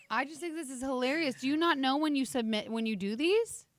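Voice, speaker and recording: A woman's voice: high-pitched, moderate pace, dry recording. A woman co-hosting a morning radio show, teasing her colleagues and laughing a lot at a studio mic. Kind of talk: casual morning-show banter.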